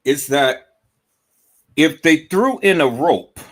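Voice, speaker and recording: Slow, animated, emphatic male streamer. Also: a little high. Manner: emphatic, repetitive, profane, keeps calling out to viewers. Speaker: livestream host. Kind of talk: livestream commentary.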